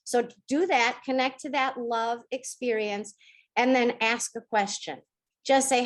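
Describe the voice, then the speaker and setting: Gentle, fairly high-voiced woman teaching. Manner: gentle, slows down to stress key words. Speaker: spiritual teacher hosting a member call. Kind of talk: spoken teaching on a video call. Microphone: video call.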